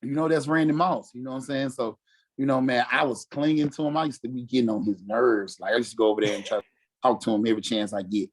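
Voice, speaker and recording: A former football player from Mississippi, telling stories casually and acting out quotes with lots of "you know what I'm saying". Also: male voice, medium pitch, fairly even intonation, quick pace. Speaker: former NFL fullback, podcast guest. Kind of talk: casual storytelling interview.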